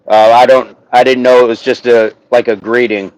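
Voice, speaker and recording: A man hosting a casual livestream outdoors, chatting with his viewers, reading their comments aloud and slowly sounding out words. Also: mid-range voice, flat delivery, darkish tone, no room sound, poor audio. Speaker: livestream host. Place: outdoors, windy, a tree behind him.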